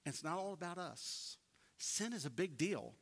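A man's voice: high-pitched, lively intonation, moderate pace, vocal fry, a bit bright. A man preaching a sermon, telling folksy stories and building to emphatic points. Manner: folksy storytelling preacher, rising to emphatic peaks. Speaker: pastor. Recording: long hall reverb.

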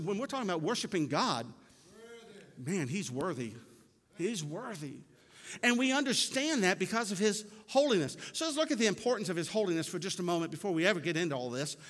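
A man with a high-pitched voice preaches a sermon, pressing hard on key words and repeating them for emphasis. His delivery mixes emphatic declarations with folksy asides. The sound carries the long reverb of a church sanctuary. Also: fairly bright tone.

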